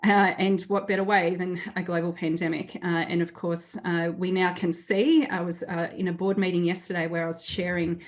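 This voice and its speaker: A woman's voice: on the low side, little pitch movement, normal speed, hardly any pauses. A woman with an Australian accent giving a friendly, chatty conference talk over a video call, with frequent fillers. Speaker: webinar speaker.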